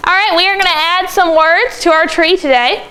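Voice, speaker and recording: A woman teaching a second grade phonics lesson in a classroom, brisk and encouraging as she calls on pupils by name. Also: extremely high pitch, pushed and bright, slight background noise. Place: classroom with children.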